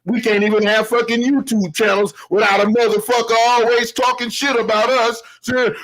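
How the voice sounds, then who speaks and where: A man's voice: extremely high pitch, level tone, moderate pace, hardly any pauses, a bit bright, poor audio. A man hosting a show, delivering a heated, profane commentary rant with emphatic, laughing delivery.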